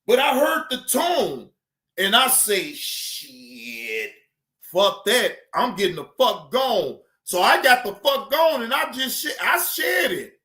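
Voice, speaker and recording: A man's voice: extremely high pitch, sing-song, takes it slowly, sharp tone, roomy sound. A man reacting to clips on a stream in a casual, rambling way, slangy and profane, often restarting his sentences.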